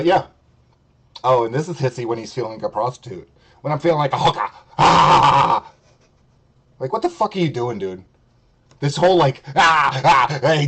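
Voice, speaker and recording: A man's voice: mid-range voice, a little mellow, husky. Profane, mocking male streamer. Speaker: streamer host. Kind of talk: ranting commentary stream.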